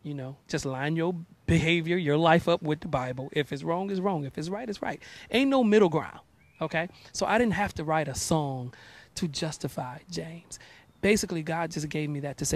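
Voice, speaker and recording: A man in his thirties, a gospel artist talking in a casual interview, animated and preachy, often repeating words as he starts sentences. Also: fairly high pitch, normal speed.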